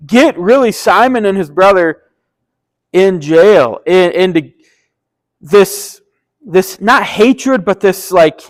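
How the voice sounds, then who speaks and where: A man's voice: sits high, rough recording. A man preaching a casual sermon, retelling a story in a chatty, enthusiastic and slangy way. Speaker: pastor.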